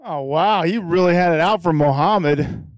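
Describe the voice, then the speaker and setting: A man hosting a casual podcast, relaxed and leading the segments. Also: a little high, normal speed, no room sound. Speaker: podcast host. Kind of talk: casual chat.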